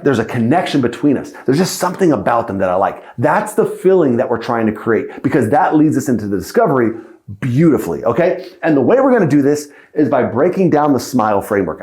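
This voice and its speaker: A man teaching sales calls in a podcast lesson. He coaches in a lively way, checks in often with "right?" and "okay?", and acts out sample lines. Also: mid-range voice, echoey room. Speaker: sales trainer.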